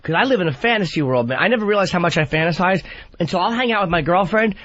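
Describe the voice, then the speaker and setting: A man's voice: sits high, lively intonation, rapid-fire, a bit bright, no room sound. A man talking as a guest on a podcast, rambling and profane, full of "like" and restarts as he opens up about himself. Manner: rambling, filler-heavy, profane confessional talk. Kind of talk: casual podcast chat. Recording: dull lo-fi podcast audio.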